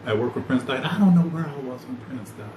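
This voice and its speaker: A man hosting a podcast, rambling loosely in animated, slangy casual chat. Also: medium pitch, fast. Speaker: podcast host. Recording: echoey room with loud ambient noise.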